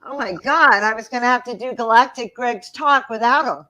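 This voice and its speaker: A woman speaking at an online conference over a headset on a video call, excitable and a bit scattered. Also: fairly high pitch, normal speed, dull audio. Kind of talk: casual online conference chat.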